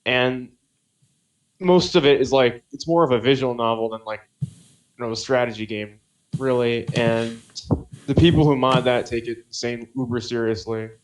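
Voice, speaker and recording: A man's voice: mid-range voice, steady tone, normal speed, low-quality recording. A man co-hosting a podcast in casual chat, laid-back and wry, playing a video game as he talks. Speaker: podcast co-host.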